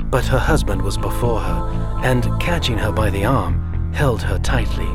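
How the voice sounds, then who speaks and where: A man narrating a suspenseful story in a measured, scripted delivery. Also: lowish voice. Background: music.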